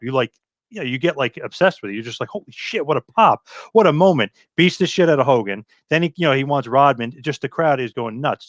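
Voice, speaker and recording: A middle-aged man hosting a podcast, telling stories excitedly and acting out quotes. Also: mid-range voice, no echo. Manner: excited storytelling, acts out quotes loudly. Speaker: podcast host. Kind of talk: casual chat.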